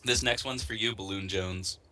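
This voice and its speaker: Male co-caster, low-pitched but bright and edgy tone, wry and composed. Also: steady tone, moderate pace, slight background noise. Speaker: tournament co-caster. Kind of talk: casual esports casting.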